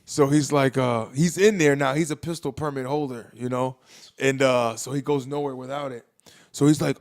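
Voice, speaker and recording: A man's voice: medium pitch, moderate pace. A young man cohosting a podcast, telling a long profane story with laughter and acted-out quotes. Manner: animated, profane, laughs through his story; swings loud and soft acting out quotes. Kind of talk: casual storytelling chat.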